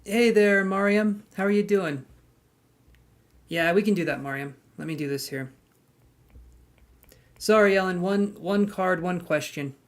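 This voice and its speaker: A man's voice: high-pitched, unhurried, long pauses. A man hosting a live tarot stream in casual chat, greeting viewers by name, handing out queue numbers and cracking jokes.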